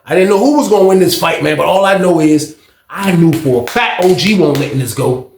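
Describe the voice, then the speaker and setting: A man spins a casual, slangy anecdote with lively swearing. His voice runs high for a man and gravelly, and it echoes in a roomy space. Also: brisk, a little hiss or hum. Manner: animated, slangy, swearing storyteller. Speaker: storyteller. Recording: echoey room.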